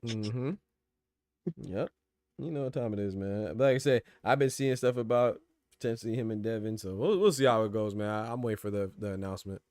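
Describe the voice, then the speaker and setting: A man hosting a boxing podcast live stream, casual and slangy, trash-talking his chat and laughing loudly. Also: on the low side, fairly quick, no room sound, studio quality.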